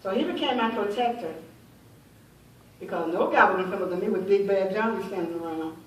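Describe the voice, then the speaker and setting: A middle-aged woman speaking at a women's conference, giving a heartfelt personal testimony in a halting way, often repeating phrases. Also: mid-range voice. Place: large hall at a women's conference. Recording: echoey hall, voice from far off, faint hiss.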